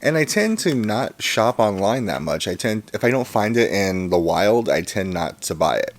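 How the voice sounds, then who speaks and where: A man in his thirties talks through an unboxing in a relaxed, rambling way, pausing on fillers and jumping between thoughts. His voice sits fairly low and he sounds genuinely excited about what he finds. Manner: chatty, rambling, enthusiastic. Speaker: comic collector and channel host. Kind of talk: casual unboxing vlog.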